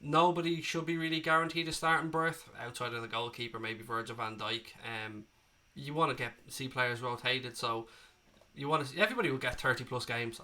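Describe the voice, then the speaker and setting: Reading the chat on his casual live stream, an Irish-accented host with a cold swears freely and addresses viewers as mate. He has a mid-range voice with a bright, forceful tone.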